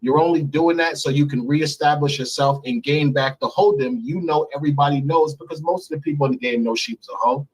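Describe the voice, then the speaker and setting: A man's voice: a little high, brisk, hardly any pauses, slightly rough, rough recording. A man being interviewed remotely, telling a long personal story in a blunt, emphatic way and repeating words for stress. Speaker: interview guest.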